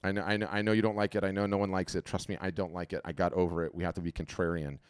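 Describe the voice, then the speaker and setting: A low-voiced man hosts a live webinar over a video call from home, his mic close and dry. He talks in an animated, chatty flow, often repeating himself and restarting sentences as he gives his feedback on the fly. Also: racing, smooth, dry recording. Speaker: webinar host auditing artist profiles. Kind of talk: casual live webinar commentary.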